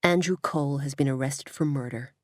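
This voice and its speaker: A woman voicing a sharp, disgusted woman with a cool, deliberate and cutting way of speaking. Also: rumbling low, no room sound, studio quality. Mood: urgent. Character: sharp, disgusted woman, faintly American-sounding.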